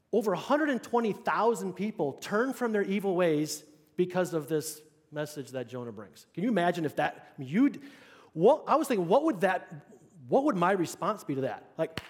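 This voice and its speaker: Pastor preaching in a reverberant hall. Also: male voice, high-pitched. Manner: conversational, checks in with the congregation. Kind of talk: sermon. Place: church sanctuary.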